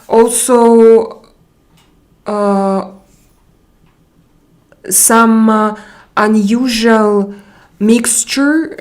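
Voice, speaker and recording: Slow, hesitant woman streamer. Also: mid-range voice, a little mellow. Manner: hesitant, searching for words with many pauses. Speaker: livestream host. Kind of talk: casual livestream chat, reading comments aloud.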